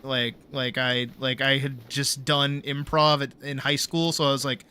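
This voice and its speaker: A man's voice: medium pitch, flat delivery, measured pace, bright, forceful tone, clear, resonant tone. A young man streaming a game, telling a story in a rambling, laid-back way, swearing freely and saying "like" a lot. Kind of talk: casual storytelling while gaming.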